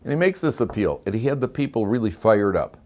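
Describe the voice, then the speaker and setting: A man's voice: fairly low pitch, a little fast. A man, a rabbi giving a Torah class, telling stories with animation, acting out dialogue, wandering off on asides and asking rhetorical questions. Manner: animated storyteller who acts out dialogue; digressive, with frequent restarts and rhetorical questions.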